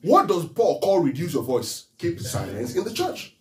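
Man, pastor, interactive sermon, high animated voice, echoey room, distant mic. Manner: call-and-response questions to the congregation; reads scripture aloud slowly.

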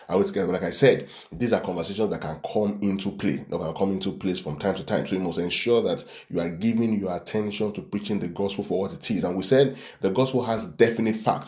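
A man's voice: sits low, a little mellow, echoey room. A man preaching a Bible-study sermon to a church class, reading scripture aloud and repeatedly checking in with "right?".

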